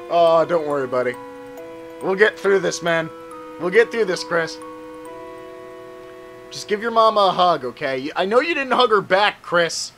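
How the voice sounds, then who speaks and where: Man, let's player, lively swooping voice, a bit high, jokey with swearing, game music behind. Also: measured pace, pauses often. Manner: joking, swears, talks to the game's characters. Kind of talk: casual gameplay commentary.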